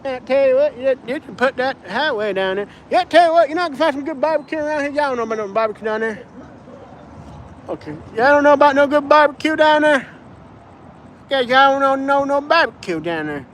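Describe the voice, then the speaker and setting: A man's voice: very high voice, animated, brisk, fairly bright tone, slight background noise, pitched above the performer's own voice. A man putting on an exaggerated Appalachian hillbilly accent, playing a rural Southern man drawling folksy advice. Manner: drawling, hollering, exaggerated put-on.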